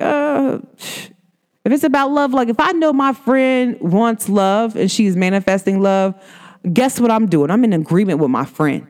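Chatty lower-voiced woman host. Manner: animated, chatty, many "like" fillers and restarts. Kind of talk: casual talk show monologue.

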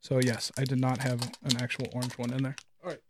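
A man's voice: mid-range voice, little pitch movement, quick pace, noisy background. A man co-hosting a casual podcast, speaking wryly and swearing. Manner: wry, swearing, reads labels aloud in a mock-serious tone. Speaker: podcast co-host.

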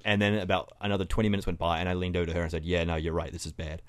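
A man speaks quickly in a fairly low voice, recorded dry and close with no room around him. He is a podcast guest in casual film chat, ranting with rising exasperation about what annoys him. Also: flat delivery, clean tone, dry recording.

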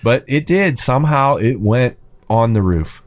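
A man in his thirties or forties tells a rambling story in a relaxed, everyday voice. He stumbles over fillers and restarts, and his pitch jumps way up whenever he acts out a quoted line. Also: unhurried. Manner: animated, rises sharply when quoting himself and his son. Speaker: storyteller in a hobby chat. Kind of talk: casual anecdote.

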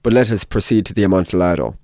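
A man's voice: low-pitched, fast, darkish tone, dry recording, clean studio sound, close to an everyday voice. A man voicing a tipsy, proud nobleman dressed as a jester, in a dramatic audiobook reading.

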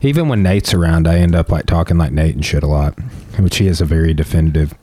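A man's voice: very deep voice, quick pace, mellow, husky, no echo. A man chatting casually as a podcast co-host, joking and rambling, often slipping into mock voices. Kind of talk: casual chat.

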